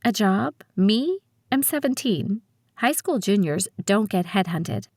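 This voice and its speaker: A woman's voice: mid-range voice, lively intonation, unhurried, darkish tone, no echo, clean studio sound. A woman voicing a blunt, wary teen girl. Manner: guarded, blunt, sarcastic. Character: wary, sharp-tongued seventeen-year-old girl. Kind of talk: audiobook character voice.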